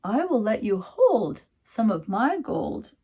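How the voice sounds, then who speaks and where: A woman's voice: on the high side, sing-song, slow, mellow, slightly rough, heavily acted. A woman voicing a doting mother hen who is fond and proud of her chicks, in a storybook.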